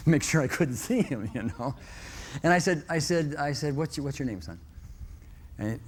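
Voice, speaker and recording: A man's voice: deep voice, a little mellow, slight background noise. Folksy man telling a story. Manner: folksy, chuckles often, checks in with "okay?". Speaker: motivational speaker. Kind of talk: storytelling talk to an audience.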